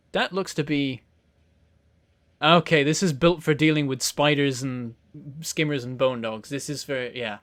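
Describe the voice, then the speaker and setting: A man's voice: a little high, no room sound. A man hosting a let's play, giving rambling, self-mocking gameplay commentary and chuckling often.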